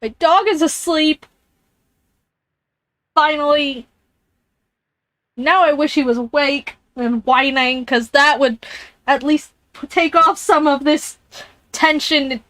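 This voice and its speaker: High-voiced woman streaming a game. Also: slow pace, pauses often, a bit bright, no room sound. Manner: reads game text aloud, jumpy scared reactions. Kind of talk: live-streamed game playthrough. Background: headphones on, alone in a room.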